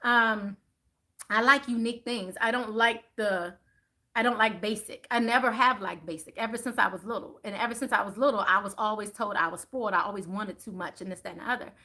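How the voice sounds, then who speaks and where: Animated, bright-voiced woman chatting on a live stream. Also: medium pitch, brisk. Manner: chatty and animated, rising louder on emphasis; addresses viewers as y'all. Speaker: spiritual card reader hosting a live stream. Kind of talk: casual live-stream chat.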